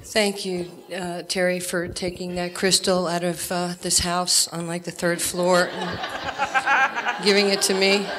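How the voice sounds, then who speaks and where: A woman in her fifties with a New York accent, giving an animated acceptance speech full of stories and jokes. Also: lowish voice, unhurried. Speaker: award recipient.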